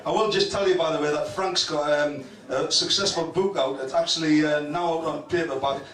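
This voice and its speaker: A man's voice: fairly high pitch, steady tone, brisk, a bit bright. A middle-aged man hosts a live on-stage interview, joking and swearing as he asks questions and plugs a book. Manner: joking, profane, plugs and asides. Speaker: host, interviewer. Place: function room with a live audience. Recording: echoey room, far mic, crowd noise.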